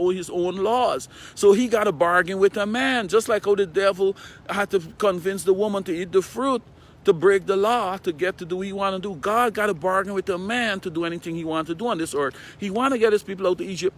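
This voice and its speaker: Relaxed preaching man, slightly high voice. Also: a little hiss or hum. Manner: conversational, checks in with "right?"; retells scripture in his own plain words. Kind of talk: morning devotional Bible teaching.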